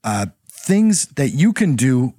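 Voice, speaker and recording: A man co-hosting a relaxed talk show, backing up his guest and laying out the show's aims. His voice is mid-pitched. The sound is close and dry. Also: slow, no echo. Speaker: co-host. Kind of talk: casual talk show chat.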